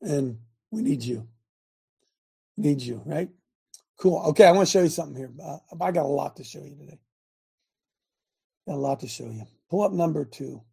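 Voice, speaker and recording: A man hosting an online talk as a coach, preaching loudly, repeating himself and shouting at times. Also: on the high side, animated, moderate pace, gravelly, pauses often, breathy edge. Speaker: host and coach.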